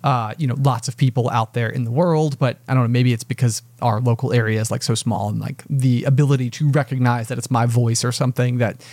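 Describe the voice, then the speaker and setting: A man's voice: medium pitch, steady tone, fairly quick, few pauses, darkish tone, no echo. A man co-hosting a podcast in casual chat, rambling and self-deprecating, with many fillers. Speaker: podcast co-host. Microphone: podcast mic with headphones.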